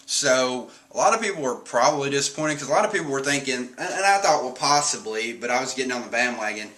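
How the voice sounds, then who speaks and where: Male streamer, bright tone, chatty chapter recap that jumps into squeaky impressions. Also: fast, rough recording. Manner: animated, jumps into squeaky voices for quotes. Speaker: host reviewing manga chapters. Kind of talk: casual recap with quick character voices.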